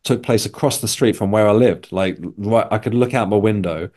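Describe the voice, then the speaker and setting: Low-voiced man telling a rambling story. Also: normal speed, mellow. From England. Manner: rambling, self-correcting storyteller. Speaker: guest. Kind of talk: casual conversation.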